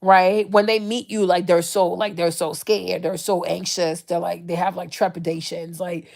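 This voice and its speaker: A woman from the Ivory Coast talking casually to camera, animated and often dropping into mocking impressions. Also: on the low side, normal speed, creaky. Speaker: vlogger.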